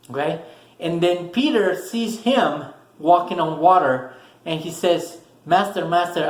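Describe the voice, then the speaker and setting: A man's voice: on the high side, reverberant, low-quality recording. A man giving a casual, earnest motivational talk to camera, repeating words for emphasis. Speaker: motivational vlogger.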